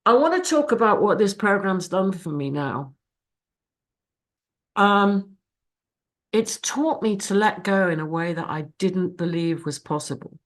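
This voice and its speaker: Over a video call to her recovery fellowship, a middle-aged woman shares candidly and emotionally, cursing without restraint. Her mid-range voice is animated but unhurried, broken by long pauses.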